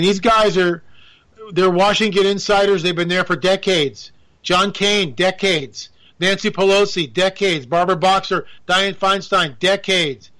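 A man's voice: sits high, pushed and bright. A man delivering a rambling, sarcastic political commentary monologue, full of asides and mock disbelief. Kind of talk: opinionated monologue.

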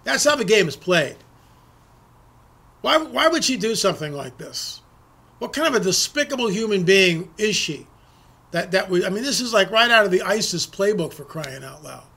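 A man's voice: high-pitched, big pitch swings, moderate pace, creaky, sharp tone, husky. A man delivering an emphatic political monologue to his audience, often repeating words and restarting sentences. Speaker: political commentator.

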